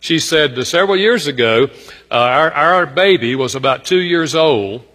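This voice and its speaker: A male pastor preaches with a bright, forceful voice, telling a story about himself and addressing the congregation directly. He leaps up in pitch to stress a point, then sinks low and soft for quieter asides. His voice rings out with a long reverb from a large hall. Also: expressive, moderate pace. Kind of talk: sermon.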